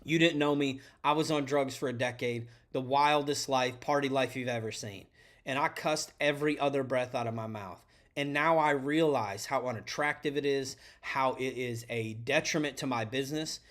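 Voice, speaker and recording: A podcast host and electrician coach gives earnest, preachy motivational advice to tradespeople, calling the listener his friend. He speaks in a fairly bright mid-range voice at a moderate pace.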